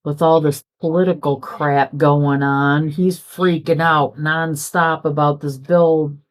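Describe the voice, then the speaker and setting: Slow-talking, low-voiced woman chatting. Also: steady tone. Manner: chatty, rambling, acts out quoted dialogue. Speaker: crafting vlogger. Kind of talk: casual chat while crafting.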